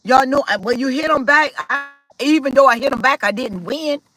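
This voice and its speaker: Bright, high-voiced woman telling a story. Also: fairly quick, faint music behind, low-quality recording. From Maryland, USA. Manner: animated, talks to viewers directly, acts out quoted dialogue. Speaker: spiritual vlogger. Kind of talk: casual storytelling monologue.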